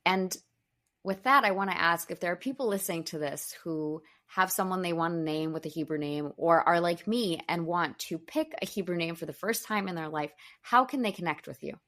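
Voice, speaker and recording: A woman in her twenties hosting a podcast in casual chat, animated and laughing often as she tells stories. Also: lowish voice, a little fast. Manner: animated storyteller, laughs often, quotes kids in playful voices. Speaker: podcast host.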